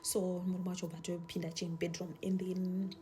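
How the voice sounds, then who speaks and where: A woman's voice: on the low side, flat delivery, fairly quick, dark tone, slight background noise. A young woman with a Zimbabwean accent telling a story in a casual chat, mixing Shona with English and dropping to a whisper for suspense.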